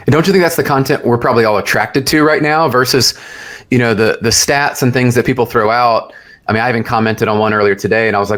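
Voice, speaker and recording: A male podcast host talks with a middle-pitched voice. He asks curious, open questions in casual chat and keeps affirming his guest. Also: fast, a bit bright. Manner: curious, affirming, many "yeah"s. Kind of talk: casual interview conversation.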